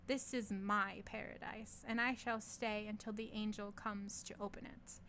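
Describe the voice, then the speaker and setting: A woman's voice: medium pitch, flat delivery, unhurried, a bit bright, slight background noise. A woman reading the lines of an impetuous, temperamental young Frenchman, impatient and scornful. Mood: angry scorn.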